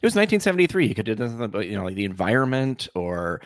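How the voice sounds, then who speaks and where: A man co-hosting a podcast in casual chat, halting and joking, laughing often. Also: fairly low pitch, big pitch swings, no echo. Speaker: podcast co-host.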